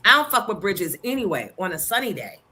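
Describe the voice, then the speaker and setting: A woman hosting a live morning stream, chatting casually and giving playful shoutouts to her viewers. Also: medium pitch, big pitch swings, a little fast. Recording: music playing clearly behind.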